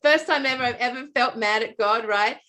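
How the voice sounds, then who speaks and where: Middle-aged Australian woman, casual storyteller, fairly high voice, fillers and restarts. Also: brisk. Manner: animated, rambling, many fillers and restarts. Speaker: podcast co-host.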